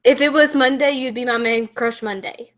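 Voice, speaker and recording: A woman's voice: on the high side, moderate pace, fairly bright tone. A woman hosting a YouTube channel, chatting casually with a guest in a playful, giggly way. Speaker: YouTube host. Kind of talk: casual chat.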